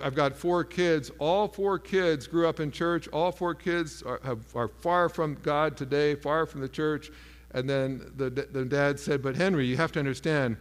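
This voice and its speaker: A man's voice: medium pitch, a bit bright. A man preaching a sermon, telling a story and acting out the voices of the people in it. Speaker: pastor. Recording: long hall reverb.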